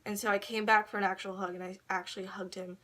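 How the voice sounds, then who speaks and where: A woman's voice: medium pitch, little pitch movement, fast, sharp tone. A teenage girl telling a long personal story to camera, rambling and swearing, with frequent laughs and quoted voices. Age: teens. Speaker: vlogger. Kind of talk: casual storytelling vlog.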